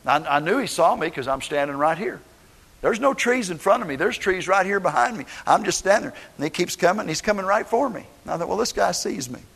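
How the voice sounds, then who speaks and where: High-voiced storytelling preacher in a hall. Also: male voice, quick pace, creaky, slightly rough. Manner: animated storytelling, acts out quotes. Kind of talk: sermon with personal testimony. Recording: long hall reverb.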